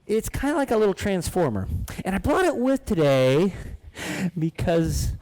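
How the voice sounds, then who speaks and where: This man has a high voice and speaks a little slowly, captured on a rough recording. He introduces live animals to children in a jokey, animated way, chatting with the kids and laughing often.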